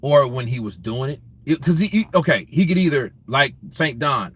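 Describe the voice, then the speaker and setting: A man's voice: mid-range voice, animated, moderate pace, hardly any pauses, a bit bright, husky. A man hosting a casual boxing livestream, joking crudely, reading viewer messages and acting out skits in other voices. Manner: crude, joking, reads super chats, acts out skits. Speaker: boxing commentary host.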